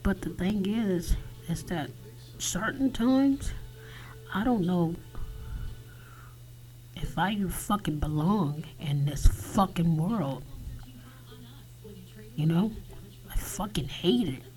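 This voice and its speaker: A man talking alone on his podcast in a halting confessional monologue, often dropping to a whisper and swearing. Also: high voice, animated, darkish tone, rough recording. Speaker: podcast host.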